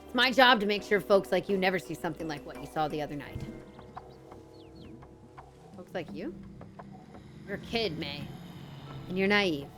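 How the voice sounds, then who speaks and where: A woman streamer reading the lines of a stern small-town police officer in a low, quiet, ominous tone. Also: animated, moderate pace, pauses often, music in the background, lightly acted. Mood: warning.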